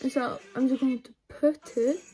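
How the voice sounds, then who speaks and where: A young woman vlogging a casual makeup tutorial at home, rambling and chatty with lots of ums and side remarks, recorded on a phone camera set low. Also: fairly even intonation, moderate pace, mellow, faint music behind.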